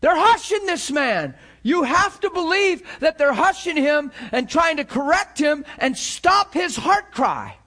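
A male pastor delivers a sermon in a strikingly high voice. He rises to shouted cries, then drops to quiet, intimate passages. He often repeats words and restarts his sentences as he goes. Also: very animated, a little slow, hardly any pauses. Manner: preaching with swings from shouts to hushed tones.

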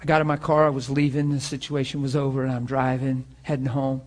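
This man, a pastor, talks fast in a mid-range voice with flat delivery. Addressing students both in person and online, he gives an informal sermon full of earnest, conversational personal stories before ending in prayer.

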